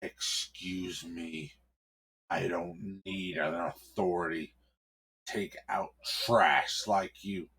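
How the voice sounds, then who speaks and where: A man voicing a cold, arrogant church cardinal who gives slow, scornful commands. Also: sits low, fairly even intonation, bright, forceful tone, breathy edge, exaggerated voice.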